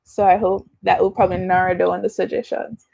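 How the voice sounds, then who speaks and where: A woman's voice: on the low side, flat delivery, brisk, gravelly, a little mellow, slightly rough, no room sound, muffled recording. A young adult woman with a Jamaican accent, chatting casually as she hosts a livestream Q&A, slipping into patois and answering viewer comments. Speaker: YouTuber hosting a livestream Q&A.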